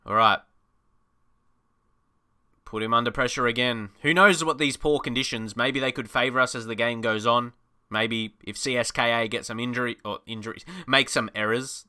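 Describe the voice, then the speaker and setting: An Australian man giving casual, excitable commentary over a football management game, chatty and laughing often. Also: mid-range voice, clear, resonant tone. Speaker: gaming YouTuber.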